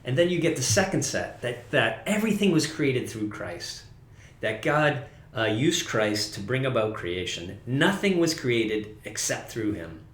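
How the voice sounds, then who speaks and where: A man's voice: medium pitch, big pitch swings, unhurried, fairly bright tone, reverberant. A man preaching a casual, conversational sermon as pastor, often correcting himself and laughing at his own slips.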